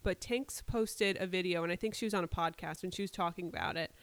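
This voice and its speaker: A woman's voice: fairly low pitch, fast, dry recording. A young adult woman co-hosting a podcast, chatting casually, laughing often and swearing offhand. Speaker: podcast co-host. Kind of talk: casual chat.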